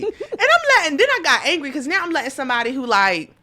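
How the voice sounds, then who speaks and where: A woman on a podcast panel telling a story in a casual, animated way, acting out her own lines with slangy phrasing. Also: sits high, quick pace, a little hiss or hum. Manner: animated, reenacts her own lines with rising volume and laughter; informal, uses slang like y'all and I'ma. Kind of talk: casual storytelling in a group chat.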